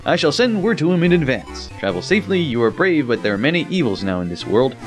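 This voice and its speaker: A man's voice: fairly high pitch, big pitch swings, quick pace, soft background music. A man reading out the lines of a wise old male Minish elder in a video game, stumbling over words. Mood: solemn. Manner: stumbling read-aloud.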